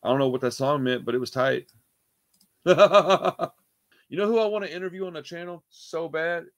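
A man hosting a music reaction channel, talking casually in a profane, excitable, slangy way. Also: a little high, fast, no room sound, clean studio sound.

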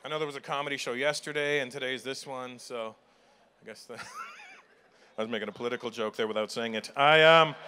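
A man's voice: medium pitch, steady tone, fairly quick, bright, forceful tone, slight background noise. A man doing stand-up crowd work at a live show, teasing audience members in a playful way and laughing often. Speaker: stand-up comedian. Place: large live comedy venue with audience.

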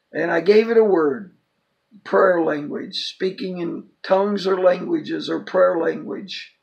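An older man giving an informal Bible teaching, emphatic and quoting scripture with quick asides. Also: sits high, creaky, darkish tone, slightly rough, poor audio.

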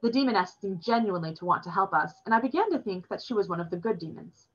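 A woman reading a novel aloud in a plain, steady storytelling manner, recorded with dull lo-fi sound. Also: mid-range voice, quick pace, breathy edge.

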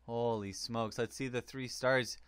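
Man, gaming commentator, excitable and rambling, smooth dry close voice. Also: medium pitch, a little slow, no room sound. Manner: excitable, rambling, with frequent fillers. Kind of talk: casual hockey game commentary.

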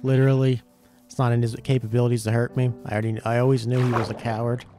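A man giving casual gameplay commentary, excitable and swearing a lot, yelping when startled. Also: mid-range voice, fast talker, over music. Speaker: gaming YouTuber.

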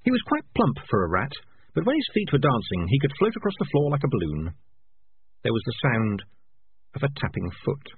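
Male audiobook narrator, animated delivery, lo-fi phone-band sound. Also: mid-range voice, normal speed, husky. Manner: lively, expressive storytelling. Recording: tinny phone-like audio, faint hiss.

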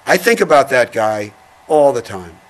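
An older man, a veteran giving an oral history interview, speaking in a reflective, halting way, heavy with feeling. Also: medium pitch, sing-song.

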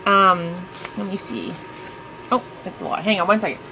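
A woman chatting casually as she opens crafting mail, gushing and excitable, full of fillers. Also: medium pitch, moderate pace, noisy background. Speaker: craft vlogger; mother. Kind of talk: casual unboxing chat.

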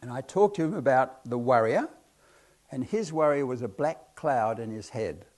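A man's voice: mid-range voice, expressive, moderate pace, a little mellow. A man giving a hypnotherapy talk to an audience, telling chatty, self-deprecating stories about his cases. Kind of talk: anecdotal lecture to an audience.

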